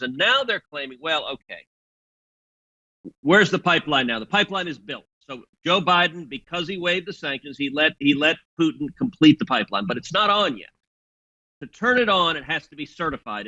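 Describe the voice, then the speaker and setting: A man delivering argumentative political commentary in a bright, forceful voice. He presses his point firmly and stumbles over repeated words as he launches into sentences. The clip sounds a little dull and lo-fi. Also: a little high. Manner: assertive, argumentative, repeats words when starting.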